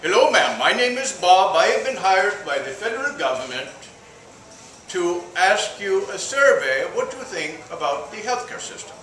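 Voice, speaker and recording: A man's voice: sits high, very animated, moderate pace, pushed and bright, a little hiss or hum, pitched above the performer's own voice, exaggerated voice. A man voicing a formal, overly polite male survey caller with an Indian accent, in an echoey room from far off. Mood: courteous.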